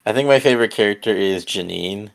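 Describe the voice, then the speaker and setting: Man, podcast co-host, very low voice, gravelly fry, halting and soft, casual. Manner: hesitant, many fillers, soft-spoken. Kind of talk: casual chat.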